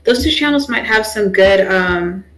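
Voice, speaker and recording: A woman's voice: mid-range voice, animated, a little slow, low-quality recording. A young woman streamer chatting casually while she draws, rambling with lots of fillers. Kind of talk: casual chat while drawing.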